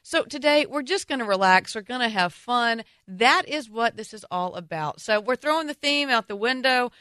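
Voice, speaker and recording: Woman, radio wine show host, playful, teasing, bright tone, dry studio sound. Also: fairly high pitch, lively intonation, normal speed, smooth, dry recording.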